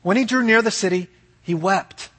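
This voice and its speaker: A man's voice: high voice, moderate pace, a bit bright, in a large hall. A man preaching a sermon as pastor, earnest and emphatic, asking rhetorical questions.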